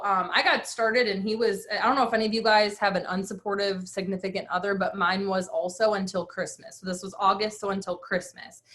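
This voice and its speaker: A woman in her thirties, a guest speaker, telling her personal story with emphatic energy and acted-out quotes. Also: mid-range voice. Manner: animated, emphatic, acts out quotes.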